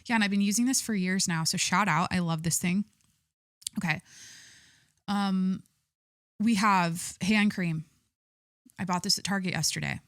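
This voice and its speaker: A woman podcast host chatting casually on her own, rambling from one thing to the next with plenty of "like" and "you know." She talks with her full chest, forceful and unfiltered, at a middling pitch. Her voice sounds close and dry. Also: unhurried, pauses often, no room sound. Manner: chatty, rambling with many fillers. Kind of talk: casual solo podcast chat.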